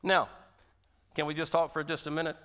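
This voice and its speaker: A man's voice: fairly high pitch, completely flat delivery, rapid-fire, a bit bright. A man preaching a sermon as pastor, with an emphatic delivery that leans hard on repeated phrases. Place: church sanctuary. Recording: long hall reverb.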